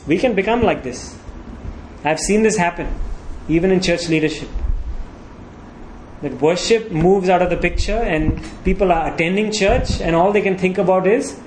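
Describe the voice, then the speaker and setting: A man's voice: high-pitched, moderate pace, pauses often, a little hiss or hum, rough recording. A pastor preaching a sermon, walking his congregation through scripture with frequent rhetorical questions.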